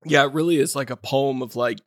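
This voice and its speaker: A man co-hosting a film podcast, retelling a scene with lively energy. He slips into the voices of the characters as he goes. His pitch is of middle height, and the recording is dry and close. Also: brisk, no echo. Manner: animated storyteller who acts out quoted lines. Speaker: podcast co-host. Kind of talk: casual film discussion.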